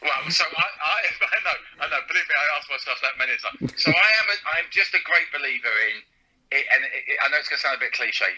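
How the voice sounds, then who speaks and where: A man's voice: on the high side, quick pace, bright, forceful tone, husky, rough recording. Chatty man with a lisp. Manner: chatty, laughing storyteller, British slang. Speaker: guest, comedian and radio presenter. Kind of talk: casual interview chat.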